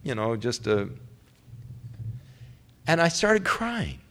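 A man preaching a sermon through a personal story, moving between hushed, low passages and raised, heartfelt ones. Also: sing-song, takes it slowly.

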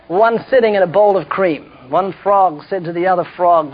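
A man's voice: sits high, moderate pace, some chatter behind. A man preaching a humorous sermon with storytelling, jokey asides and self-mocking slips, heard in a dull lo-fi recording.

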